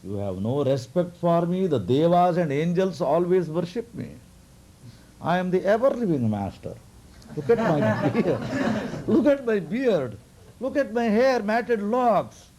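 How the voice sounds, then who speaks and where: A man voicing an ancient, proud male sage who is offended at being called a child, speaking high and indignant in a devotional story. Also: sing-song, unhurried, dark tone, a little hiss or hum, low-quality recording. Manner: high, pleading and indignant, with chuckles.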